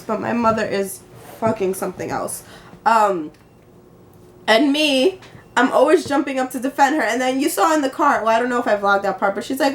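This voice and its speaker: A young woman vlogs on a handheld phone and tells an exasperating story. Her voice sits a little high for a woman. She laughs often and acts out the back-and-forth dialogue. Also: a little hiss or hum. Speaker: vlogger. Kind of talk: casual chat. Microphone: handheld phone camera.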